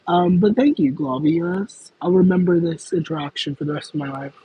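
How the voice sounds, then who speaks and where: Young male streamer, casual comment-reading chat, rambling delivery, slightly husky tone. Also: high voice, moderate pace, dark tone, low-quality recording. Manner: rambling, self-aware, with frequent fillers and laughs. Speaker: livestream host.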